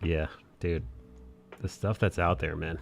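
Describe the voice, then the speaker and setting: A man's voice: sits low, steady tone, measured pace, gravelly, faint music behind. A man in a casual stream chat, trading sardonic, profane banter. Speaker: stream guest.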